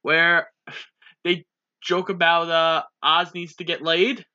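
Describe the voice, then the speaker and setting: Bright-voiced man recapping a film. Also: on the high side, flat delivery, slow pace, muffled recording. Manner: plain recap-style storytelling. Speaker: podcast co-host. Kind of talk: casual chat, recapping a film.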